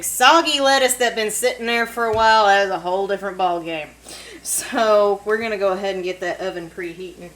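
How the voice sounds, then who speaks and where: A woman's voice: mid-range voice, a bit bright, slight background noise, poor audio. A woman with a Kentucky accent, chatting and giggling casually as she cooks in her home kitchen for a cooking vlog. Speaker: cooking vlogger.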